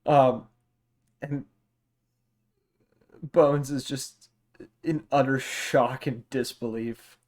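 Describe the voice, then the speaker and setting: A game master narrates a tabletop game with slow, easy pacing. The tone is amused and loose, with frequent laughter breaking through the rules calls. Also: mid-range voice, steady tone, a little mellow. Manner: unhurried, amused, laughs often. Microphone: home mic on a stream.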